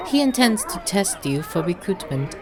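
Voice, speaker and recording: A woman voicing a young noble lady of a castle, calm and gentle. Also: mid-range voice, moderate pace, crowd noise, lightly acted.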